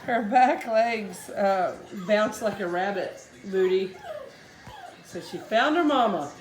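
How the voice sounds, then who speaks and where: A woman's voice: medium pitch, animated, slow, roomy sound. A woman filming her puppies at home, cooing and baby-talking to them and laughing often. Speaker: puppy breeder filming her litter. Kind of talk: casual home video narration. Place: indoors at home with dogs.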